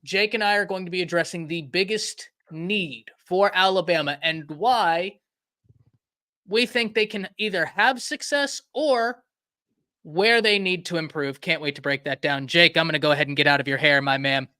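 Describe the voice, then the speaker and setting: A man's voice: sits high, bright, forceful tone. A man co-hosting a live stream, giving an upbeat handoff to the next host and signing off. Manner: upbeat hype, quick sign-off.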